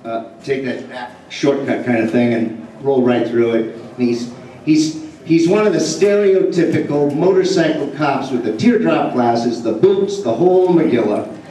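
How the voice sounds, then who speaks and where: A man's voice: medium pitch, measured pace, slight background noise. Man telling a story in an echoey hall. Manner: rambling, animated, acts out dialogue. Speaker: convention panel guest. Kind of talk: storytelling anecdote to a live audience. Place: large convention hall. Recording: echoey hall, mic heard from far off. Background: audience laughing.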